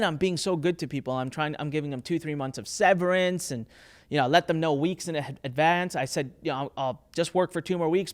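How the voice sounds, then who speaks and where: A man in his thirties telling a candid story about running a business, acting out the people he quotes. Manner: animated, acts out quoted people with shifting pitch.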